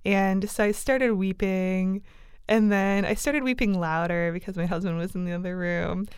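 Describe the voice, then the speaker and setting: A woman casually telling a personal story in conversation, animated and laughing often, with lots of fillers. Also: mid-range voice, moderate pace, smooth, no room sound, studio quality.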